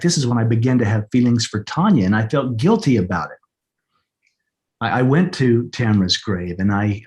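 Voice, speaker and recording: A man's voice: mid-range voice, darkish tone. A man, an interview guest, tells a personal story in an earnest, heartfelt way, often repeating words as he restarts his sentences.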